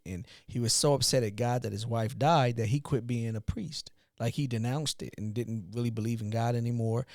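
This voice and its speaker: A man with a mid-range voice tells a long story on a podcast, animated and rambling, often restarting his sentences. The sound is dry and close. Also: mid-range voice, gravelly, dry recording. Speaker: podcast co-host, father, youth mentor. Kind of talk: casual storytelling.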